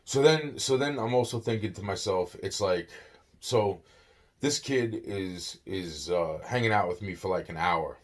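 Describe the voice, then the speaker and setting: Young guy rambling on tired, husky voice, lots of swearing, kinda low. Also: unhurried. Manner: rambling, swears often, restarts. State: yawning, tired. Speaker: vlogger. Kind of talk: rambling casual monologue.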